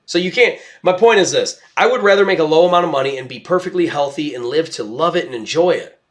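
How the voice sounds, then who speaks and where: A young adult man hosts a podcast from home with his dog, his voice a little high, expressive and fast. He rambles through a casual monologue with emphasis, frequently restarting.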